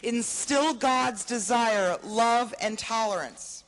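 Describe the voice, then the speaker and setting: A woman with a slightly high voice reads a prepared statement at an outdoor vigil. Her delivery is earnest and pleading. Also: takes it slowly, slight background noise, low-quality recording. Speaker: speaker at a public vigil. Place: outdoors on building steps at a vigil.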